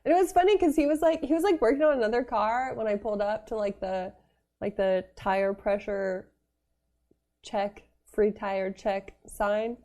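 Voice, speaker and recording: A woman's voice: medium pitch, moderate pace, warm tone. A young woman telling a story in a casual vlog, giggling often and rambling with lots of fillers. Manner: rambling, many fillers and restarts. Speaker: vlogger.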